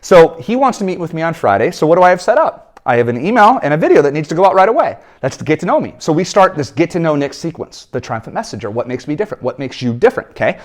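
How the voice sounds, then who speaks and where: A man in his thirties gives an energetic coaching talk about sales. His voice sits a little high for a man. He tells the story with lively swings in pitch and puts on quick voices for the people in it. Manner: animated storytelling, acts out quoted voices. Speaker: business coach.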